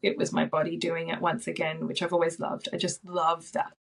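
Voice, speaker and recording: A woman in her thirties, a podcast guest telling a personal story in a soft, reflective way with frequent ums and likes. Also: sits low, completely flat delivery, a little fast, gravelly. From Australia.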